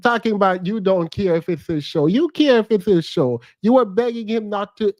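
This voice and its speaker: A man's voice: high-pitched, normal speed, darkish tone, no room sound. A man commenting on a video clip in a frank, teasing way, thinking aloud as he reacts.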